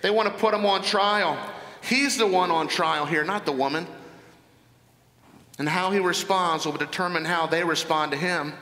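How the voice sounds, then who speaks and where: Bright-voiced man preaching in an echoey hall. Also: high voice. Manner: deliberate, emphatic Bible exposition. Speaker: pastor. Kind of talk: sermon. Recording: echoey hall with long reverb.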